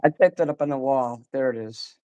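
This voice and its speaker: A man's voice: medium pitch, a little fast, mellow, smooth, highs cut off. A man ranting angrily and profanely about a friend, repeating himself and talking over the other person. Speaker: artist ranting on a call-in show. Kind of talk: agitated rambling rant.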